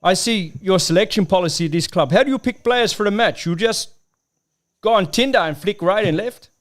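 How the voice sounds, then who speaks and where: A man's voice: sits high, moderate pace, lightly acted. A man voicing a boozy, comic Irish man fresh from the pub, with a put-on Irish accent, rambling and joking in a singsong way. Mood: jokey.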